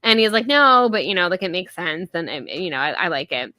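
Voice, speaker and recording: A woman in her thirties talks through a book chapter in a casual podcast chat. She is full of fillers and quick laughs. Her voice sits a bit low but bright and forceful, and it is recorded dry and close. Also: big pitch swings, no echo. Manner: chatty, filler-heavy, laughs often, paraphrases scenes in quick voices. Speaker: podcast co-host.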